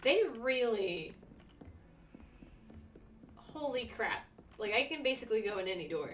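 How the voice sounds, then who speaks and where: A young woman streaming a video game, chatting excitedly to herself and breaking into sudden squeals. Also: on the high side, measured pace, distant mic. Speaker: let's play streamer. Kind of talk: casual gameplay commentary.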